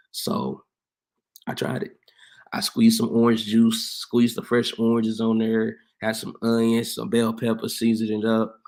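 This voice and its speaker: A man's voice: on the low side, creaky. Laid-back man telling kitchen stories. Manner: laid-back, laughs often, animated when quoting others. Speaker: interview guest, barber and home cook. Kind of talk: casual conversational storytelling.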